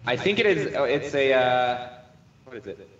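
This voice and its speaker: A man's voice: mid-range voice, expressive, moderate pace, a bit bright, slight background noise. A man co-hosting a casual podcast, chatting and quoting films. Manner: chatty, quotes films with laughter. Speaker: podcast co-host. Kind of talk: casual chat. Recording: roomy, distant, dull lo-fi mic.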